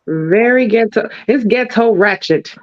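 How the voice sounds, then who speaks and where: A woman co-hosting a casual recap chat, sassy and animated, calling everyone girl. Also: fairly high pitch, a little slow, dull audio. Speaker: podcast co-host.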